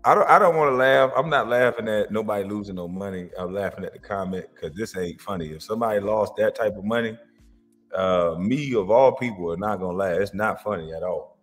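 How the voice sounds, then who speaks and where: Animated guy reacting to clips, kinda low voice, echoey hall sound. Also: a little fast, soft background music. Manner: animated, laughing, swings from loud to muttered. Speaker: reaction video host. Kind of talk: casual reaction commentary.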